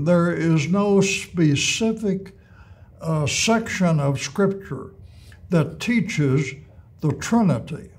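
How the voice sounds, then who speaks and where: Guy teaching a bible class, real slow, mellow and kinda high-ish. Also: husky. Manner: slow, measured, with pauses and restarts. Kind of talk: Bible teaching, reading and commenting on scripture.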